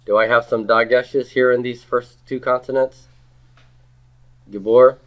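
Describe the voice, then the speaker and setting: A man's voice: medium pitch, steady tone, measured pace. A man teaching a grammar class, asking students questions, repeating their answers and leading them in saying words aloud. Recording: slightly dull lo-fi classroom recording.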